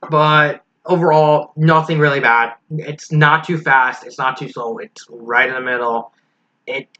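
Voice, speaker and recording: A man's voice: mid-range voice, bright, forceful tone. A man giving a casual spoken review of a fan story, frank and critical, thinking aloud as he goes. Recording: slightly dull lo-fi recording with faint hiss.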